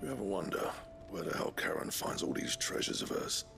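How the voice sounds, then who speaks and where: An actor voicing a gruff older male blacksmith with a wry, drawling manner. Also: sits low, expressive, brisk, exaggerated voice. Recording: game audio under music.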